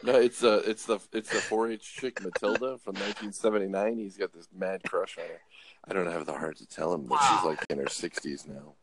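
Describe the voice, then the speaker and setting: This low-voiced man drives trucks and tells rambling, joking stories in easygoing conversation, stumbling through uh's and restarts. He talks briskly, and there's a faint hiss or hum in the recording.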